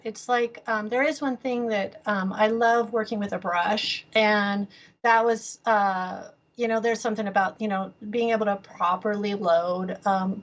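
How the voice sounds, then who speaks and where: A woman artist being interviewed on a podcast, talking casually with many fillers and easy laughter. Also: medium pitch. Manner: rambling, lots of fillers and restarts, laughs easily. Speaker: guest artist.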